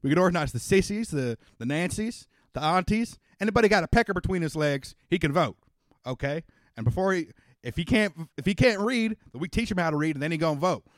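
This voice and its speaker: Man playing a dad turned stump speaker, folksy and rousing, lifted pitch and volume, dry close mic. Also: animated, fast, dry recording, natural voice. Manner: folksy stump-speech oratory, crowd-rousing. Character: folksy rousing Texan father and politician, middle-aged man.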